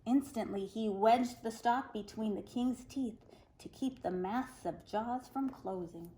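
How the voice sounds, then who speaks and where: A woman reading a folktale aloud to children, expressive and animated. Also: fairly high pitch, measured pace, slight background noise, poor audio. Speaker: children's storyteller.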